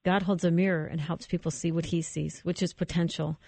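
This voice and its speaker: A woman host asking questions in an interview and responding in a warm, affirming way. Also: on the low side, steady tone, fairly quick, vocal fry, husky, dry recording.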